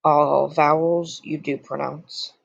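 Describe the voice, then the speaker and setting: A young man walks through a beginner lesson from slides, slow and patient, repeating each phrase for drill. His voice sits a little high and is heavy with gravel. The sound is dry and close, with no room around it. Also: flat delivery, dry recording, muffled recording. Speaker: language teacher. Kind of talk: slide-based lesson narration.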